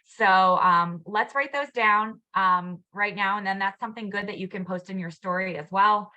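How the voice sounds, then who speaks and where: A woman talks through a team video call in a loose, chatty way, her speech full of ums and you-knows. Her voice has a bright, forceful edge. It sounds like ordinary video-call audio. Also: medium pitch, moderate pace, dull audio.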